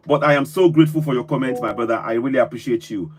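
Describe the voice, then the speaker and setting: A man's voice: mid-range voice, quick pace. A man hosting a live call-in stream, effusive and full of repeated thanks. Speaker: host.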